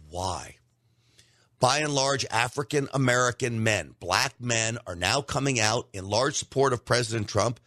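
A man's voice: mid-range voice, a bit bright, no room sound, studio quality. A man hosting an opinionated political commentary show, talking emphatically and repeating words for stress.

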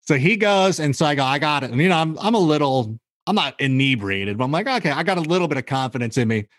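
A man telling stories in casual podcast chat, animated and acting out the voices of the people in them. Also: a little high, fast talker, no echo, studio quality. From California. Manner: animated storyteller, acts out quoted voices. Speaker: guest.

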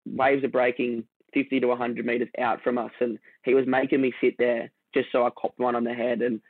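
A man's voice: medium pitch, level tone, fairly quick, no room sound. An Australian man telling a surfing story as a podcast guest, laid-back and rambling, with many restarts. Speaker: guest surfer. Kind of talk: casual storytelling conversation. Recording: dry, tinny phone-like line.

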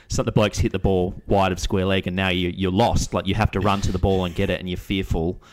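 Bantering man, deep voice. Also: level tone, fairly quick. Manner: laughing, swearing banter. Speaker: podcast co-host. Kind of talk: casual chat.

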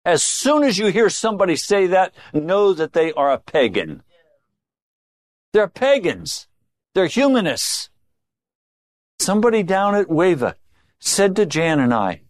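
A man's voice: sing-song, unhurried, pauses often, dry recording. Emphatic man preaching a sermon. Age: older. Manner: emphatic, swings from low confiding tones to raised exhortation.

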